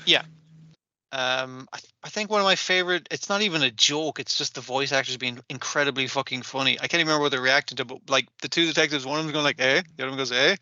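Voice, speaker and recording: A man's voice: medium pitch, fairly even intonation, quick pace, bright, forceful tone, dry recording, highs cut off. A man co-hosting a podcast, chatting casually, swearing freely and retelling scenes. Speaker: podcast co-host. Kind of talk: casual chat.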